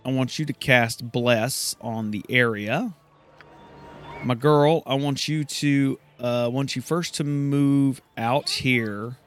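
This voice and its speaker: A man casually narrating a fantasy game he is playing, excitable and swearing at setbacks. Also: mid-range voice, slow, soft background music. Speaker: gamer. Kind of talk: let's play commentary.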